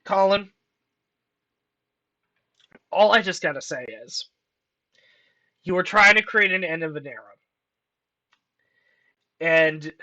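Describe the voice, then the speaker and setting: A woman hosting casual film commentary, excitable and profane, with emotional outbursts. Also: on the low side, highs cut off. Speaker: channel host reviewing films.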